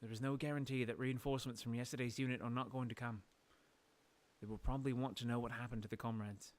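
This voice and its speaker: A man voicing a calm, formal older village doctor in a put-on South African accent, speaking in a measured way. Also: mid-range voice, close to an everyday voice.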